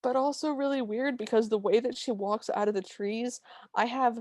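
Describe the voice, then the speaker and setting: Woman, somewhat high voice, enthusiastic film commentary, dry close sound. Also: normal speed, darkish tone, no echo. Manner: enthusiastic commentary with vivid comparisons. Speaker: podcast co-host. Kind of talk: casual film recap chat.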